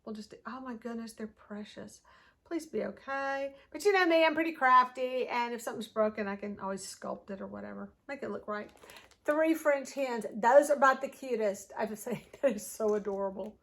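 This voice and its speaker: Gushing high-voiced woman. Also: moderate pace, a bit bright. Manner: gushing, chatty, talks to the ornaments. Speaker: thrift haul vlogger. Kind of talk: casual unboxing chat.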